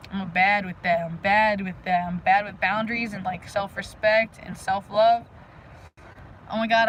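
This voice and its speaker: A woman hosting a casual live stream outdoors, talking energetically and rambling to her viewers with lots of fillers and sudden loud bursts. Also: medium pitch, slight background noise, rough recording. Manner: frequent "like" fillers. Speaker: livestream host. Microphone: phone live stream.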